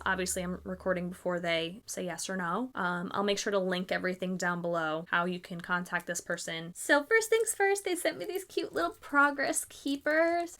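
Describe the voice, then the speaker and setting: A young woman hosting a crafting podcast, gushing and gasping excitedly as she unboxes handmade gifts. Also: medium pitch. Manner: gushing, gasping, swears mildly, fast bursts of excitement. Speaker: podcast host.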